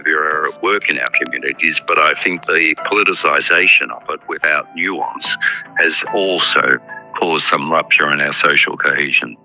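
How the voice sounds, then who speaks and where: A man, speaking as a political commentator in a broadcast news interview, measured and hedging with "I think" and "look". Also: rumbling low, pushed and bright, faint music behind, low-quality recording.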